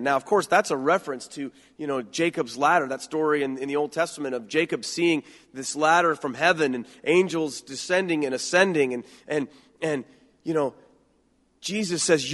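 A man's voice: a little high, moderate pace, a bit bright, big-room sound. A man preaching a sermon in an earnest, conversational way, often repeating and restarting words.

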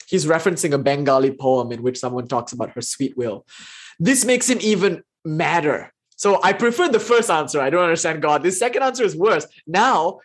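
Husky male lecturer, fast and lively, teaching a live online class. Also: on the high side. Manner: fast, animated explaining with playful asides. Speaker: philosophy teacher.

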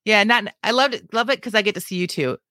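A woman's voice: medium pitch, fast talker, sharp tone, dry recording. Woman co-host, chatty and self-deprecating, close dry mic. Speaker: podcast co-host. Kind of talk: casual chat and reading her own fiction aloud.

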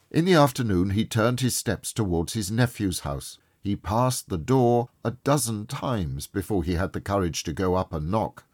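Lively-voiced male storyteller. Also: medium pitch, no room sound, clean studio sound. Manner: expressive, dramatic storyteller. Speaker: audiobook narrator. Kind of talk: storytelling narration.

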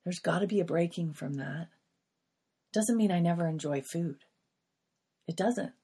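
A woman's voice: lowish voice, moderate pace, dark tone, slightly rough. A middle-aged woman hosting a podcast, sharing an earnest, emotional Christian testimony in a confessional way. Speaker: podcast host. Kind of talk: personal faith testimony.

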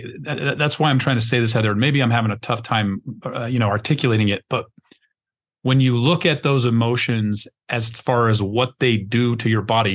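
Talking in a medium-pitched voice, this man hosts a podcast conversation. He rambles emphatically, keeps restarting while hunting for words, and swears casually along the way.

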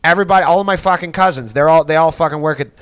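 A man's voice: on the high side, racing, a bit bright, clean tone, no room sound, voice pushed up, lightly acted. A man imitating a drunk, aggrieved man with a Boston accent who rants and swears. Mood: heated. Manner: heated, profane ranting.

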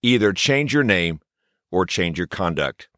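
A man's voice: deep voice, very animated, unhurried, no room sound, pitched below the performer's own voice, full character voice. A man voicing a stern ancient general who demands answers from a soldier in a dry, close recording. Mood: demanding. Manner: demanding, repeating questions louder.

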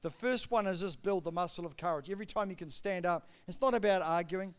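High, resonant-voiced male preacher. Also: quick pace, smooth. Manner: emphatic preaching, swinging between loud declarations and quiet asides. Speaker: pastor. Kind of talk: sermon.

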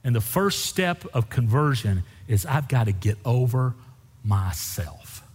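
A man preaching a sermon, folksy and animated, his voice climbing sharply when he presses a point. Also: medium pitch, unhurried, slightly rough. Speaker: pastor. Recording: reverberant hall.

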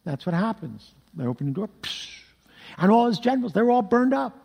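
Husky-voiced preacher in a reverberant hall. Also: male voice, sits high, brisk. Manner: animated storytelling with sound effects. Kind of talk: sermon.

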